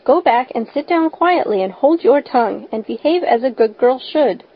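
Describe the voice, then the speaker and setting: A woman voicing a stern, practical older woman who speaks in a brisk, scolding way. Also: sits high, animated, breathy edge, full character voice. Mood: severe. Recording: dull lo-fi recording.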